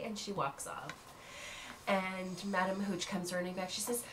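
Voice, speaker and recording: A woman narrating as game master in an animated storytelling manner. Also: medium pitch, a little slow, a little hiss or hum.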